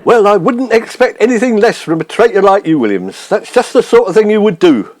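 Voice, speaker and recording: A man's voice: sits high, sing-song, fairly quick, no room sound. A man playing a gloomy, self-important comedian in a comedy sketch, ranting with indignant bluster.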